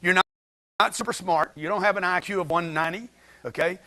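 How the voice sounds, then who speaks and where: A man's voice: high-pitched, brisk, sharp tone. A man giving a blunt, slangy motivational talk to a livestream chat, firing rhetorical questions at his audience. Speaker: motivational speaker.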